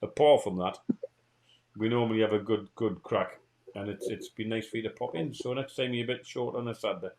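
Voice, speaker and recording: A man's voice: on the low side, fairly even intonation, fairly quick, a little mellow. A middle-aged man with a Geordie accent hosting a casual livestream chat, telling stories bluntly. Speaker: show host.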